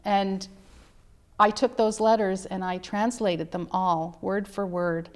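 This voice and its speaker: A woman's voice: medium pitch, fairly even intonation, takes it slowly, darkish tone. A middle-aged woman, an author being interviewed, telling her family's story in an earnest, emphatic way. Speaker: author guest. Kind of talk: interview conversation.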